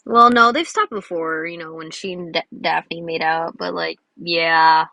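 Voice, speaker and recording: A woman's voice: deep voice, fairly even intonation, unhurried, vocal fry, sharp tone, dry recording. A woman giving casual, rambling, giggly commentary while she draws. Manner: rambling and giggly, many fillers. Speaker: drawing video creator.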